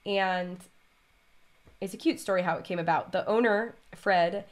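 A woman's voice: mid-range voice, measured pace. A woman hosting her stitching vlog, chatting casually and rambling off on tangents while she stitches. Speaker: vlog host and cross-stitch designer.

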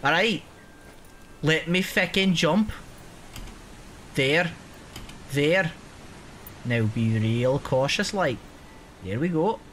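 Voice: medium pitch, lively intonation, very slow, pauses often, fairly bright tone, a little hiss or hum. A host swearing and joking while commenting on a video game and talking to the game character. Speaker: let's play host. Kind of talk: gameplay commentary.

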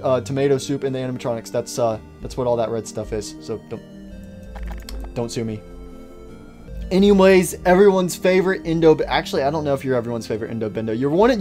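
A man hosting a game video, goofy and stammering, with a middle-pitched voice and faint music underneath. His commentary is casual and playful. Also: warm tone. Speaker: gaming host.

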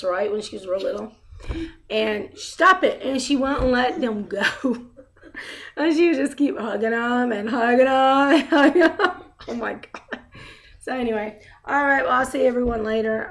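A woman's voice: a little high, vocal fry, slight background noise. A woman recording a casual personal video update at home, rambling candidly with many fillers and asides. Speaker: vlogger.

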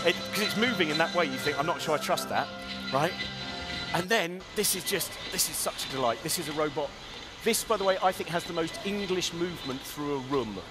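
A man giving a comic lecture in a large hall, rambling and interrupting himself. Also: on the high side. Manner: rambling, self-interrupting, animated. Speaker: comedian giving a talk. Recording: reverberant hall.

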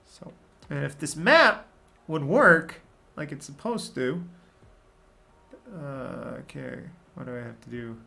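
A man narrating his own gameplay in a slow, drawn-out way, his voice gravelly and bright. His pitch jumps widely as he grumbles and swears at the game. Soft game music plays underneath. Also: lively intonation. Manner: frustrated, swearing and muttering at the game. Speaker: gaming channel host. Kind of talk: gameplay commentary.

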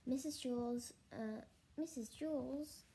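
A woman voicing a panicky, whiny schoolboy who pleads in a high, strained voice. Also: slow, creaky, mellow, heavily acted, low-quality recording. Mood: pleading.

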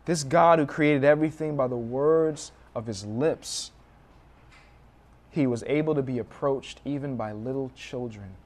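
A man's voice: mid-range voice, measured pace, a little mellow. A young American man preaching a sermon as a guest pastor, telling stories with animation and acting out the cries of children.

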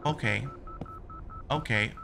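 A man's voice: lowish voice, slow, vocal fry, background noise. A man commenting on a horror game he is playing, muttering nervously to himself, swearing often and yelping when startled. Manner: jumpy, swears a lot, yelps when startled. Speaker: gaming video creator.

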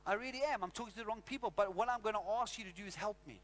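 A man's voice: high voice, racing. A South African man preaching a sermon in church, telling stories and acting out scenes. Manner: animated storytelling, acts out scenes. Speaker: pastor.

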